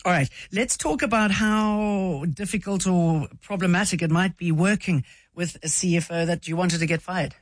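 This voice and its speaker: A woman moderating a broadcast political debate, steering the discussion with brisk questions. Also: fairly low pitch, fairly even intonation, no room sound. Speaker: host.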